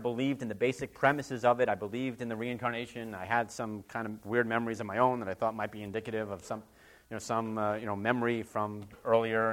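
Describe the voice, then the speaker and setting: A man giving a personal testimony in a library, telling his story in an earnest, halting way with many restarts. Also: mid-range voice, a bit bright. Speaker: former member giving a testimony.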